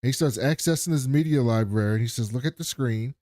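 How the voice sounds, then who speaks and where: A man's voice: medium pitch, a little fast, a little mellow, no echo, clean studio sound. A man co-hosting a podcast, animatedly retelling an episode and acting out the quotes in a casual chat. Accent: American. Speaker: podcast co-host.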